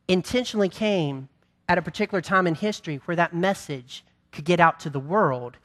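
Bright-voiced male pastor preaching. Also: sits high. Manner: impassioned preaching, then quieter and conversational. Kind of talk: sermon.

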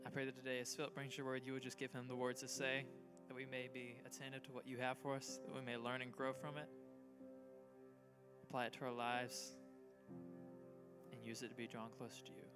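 A man leading an earnest prayer in a church service. His voice stays level, with very little rise and fall in pitch. Instrumental music plays clearly behind him. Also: a little fast. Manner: earnest, steady prayer over soft music. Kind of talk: spoken prayer. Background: music playing.

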